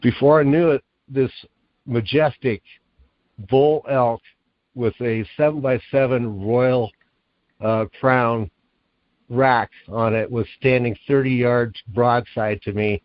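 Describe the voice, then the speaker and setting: A man, the guest author, telling a long story in an interview, animated and acting out the lines he quotes. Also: mid-range voice, slow pace, no echo, dull audio.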